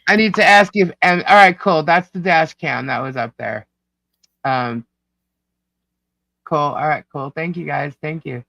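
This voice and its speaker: A man with a New York accent co-hosting a casual livestream, reading chat comments out loud in a scattered, distracted way. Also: fairly high pitch, a little slow, gravelly, long pauses, no echo. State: hiccups. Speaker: livestream co-host. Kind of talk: casual live-stream chat.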